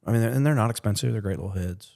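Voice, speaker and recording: A man in his middle years, a podcast guest, telling a story in a casual, animated way with lots of fillers. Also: lowish voice, very fast, vocal fry.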